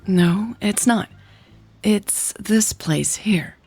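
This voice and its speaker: A woman's voice: mid-range voice, measured pace, darkish tone, slightly rough, dry recording, faint music behind. A woman voicing a shy, nervous young woman in love, talking hesitantly and a little breathlessly, in a story read aloud.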